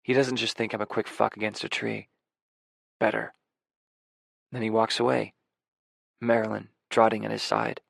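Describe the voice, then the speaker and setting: A man narrating a romance audiobook in the first person, soft and introspective, with a self-deprecating manner. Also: on the low side, little pitch movement, moderate pace, vocal fry, pauses often, dry recording, studio quality.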